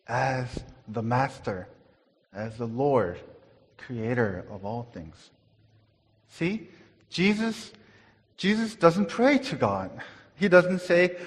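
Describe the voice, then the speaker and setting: A man preaching a sermon at an unhurried pace, earnest and repeating words for emphasis. His voice swells on key phrases and then falls quiet. A long reverb trails behind him as in a church hall. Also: a little high, very animated. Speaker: pastor.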